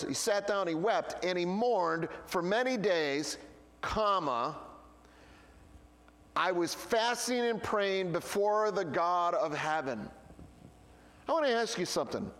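An animated male pastor delivers a sermon, firing off rhetorical questions before dropping to quiet asides. His voice sits high and swings widely in pitch. A long reverb trails each phrase, as in a church sanctuary.

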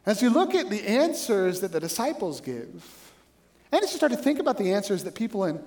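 A man's voice: high-pitched, brisk. A male pastor preaching a sermon in a conversational way, telling stories and often asking "right?". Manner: conversational, animated storytelling with frequent "right?".

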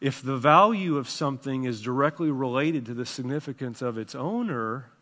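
A man preaching a sermon as pastor, impassioned and pleading, swinging between hushed and loud passages. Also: medium pitch, animated, normal speed. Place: church sanctuary. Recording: long hall reverb.

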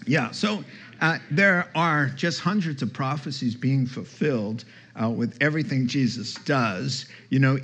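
A man's voice: medium pitch, fairly bright tone. A male pastor preaching a sermon, emphatic, quoting scripture and chatting with the congregation.

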